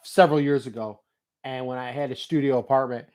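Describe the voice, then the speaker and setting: A middle-aged man, a motivational vlogger, talks in a mid-range voice at a slightly fast clip. In a casual vlog monologue he tells funny stories, reads notes aloud, and swears and laughs freely as an animated storyteller.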